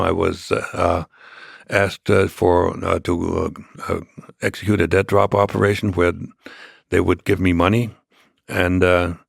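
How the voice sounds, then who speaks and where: An older man, a podcast guest, telling a long story in a halting way with many restarts. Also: low voice, creaky, no room sound, clean studio sound. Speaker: interview guest.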